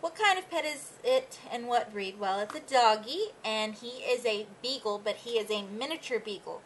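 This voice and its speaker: A woman's voice: on the high side, lively intonation, moderate pace, few pauses, a little hiss or hum, low-quality recording. A young woman chatting casually about her pets, reading out tag questions and slipping into baby talk with her dogs. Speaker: pet vlogger.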